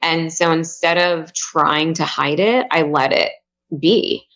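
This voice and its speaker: A woman in her forties, a guest on a podcast, talking softly and openly in a reflective way. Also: low voice, slow pace. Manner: soft, open and reflective. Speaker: podcast guest, mindfulness coach. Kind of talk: emotional podcast interview.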